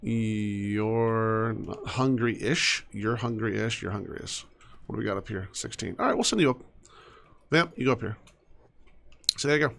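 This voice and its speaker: A young man giving casual commentary while he plays a game, chatting to his characters and often dropping to soft mutters. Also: fairly low pitch, lively intonation, a little fast, creaky, pauses often, slightly rough. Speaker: gaming streamer.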